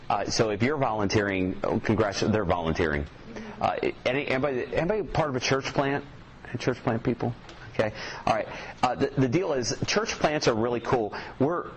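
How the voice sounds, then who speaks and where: A man's voice: on the low side, a little hiss or hum, poor audio. A man giving a casual youth ministry workshop talk to a small group, plainspoken and conversational, asking the room questions.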